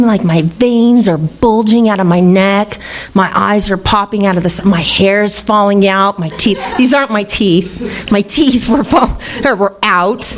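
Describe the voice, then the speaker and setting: A woman's voice: mid-range voice, a little slow. Candid woman telling her recovery story. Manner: candid, laughing, swearing freely. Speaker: recovery meeting speaker. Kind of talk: personal recovery talk. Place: meeting room.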